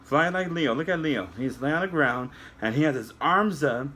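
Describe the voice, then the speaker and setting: A man reading a children's yoga story and guiding kids through the poses in a gentle, coaxing way, talking straight to the children. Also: a little high, lively intonation, moderate pace, a little hiss or hum.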